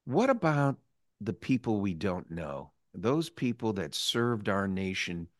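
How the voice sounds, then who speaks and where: A man's voice: lowish voice, no echo, studio quality. A man hosting an interview, speaking in a reflective and emotional way. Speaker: interview host. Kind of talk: political interview.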